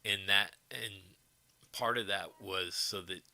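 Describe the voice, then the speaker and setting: A man's voice: lowish voice, slow, vocal fry, bright, forceful tone. A middle-aged man hosting a livestream, chatting casually with his viewers and rambling as he answers their comments. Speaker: livestream host.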